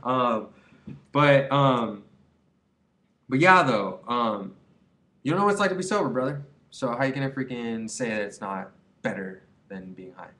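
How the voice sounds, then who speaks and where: A young male vlogger rambles loosely to camera, offering advice in an earnest, casual monologue packed with fillers. His medium-pitched voice is expressive and a bit bright, and he speaks unhurriedly with long pauses.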